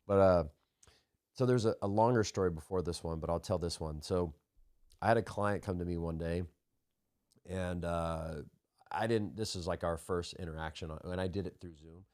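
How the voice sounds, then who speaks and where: A man's voice: low voice, darkish tone. A man who is a hypnotist guest on a podcast, chatting casually, laid-back and cursing freely. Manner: laid-back, swears casually, quick affirmations.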